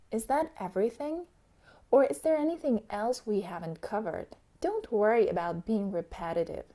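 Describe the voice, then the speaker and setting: Woman, instructor, scripted narration, calm, explanatory, mellow. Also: fairly high pitch.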